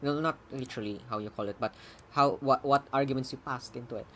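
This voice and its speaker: A programmer casually walking through their own code, rambling, correcting themself, laughing often and breaking into excited cheers. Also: medium pitch, fast, a little hiss or hum. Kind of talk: casual coding stream commentary.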